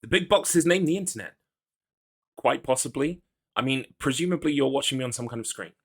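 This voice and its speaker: A man's voice: medium pitch, expressive, fairly quick. A man from the UK streaming a game, chatting casually and rambling, poking fun at himself and reading chat aloud. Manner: rambling, self-deprecating, reads chat aloud.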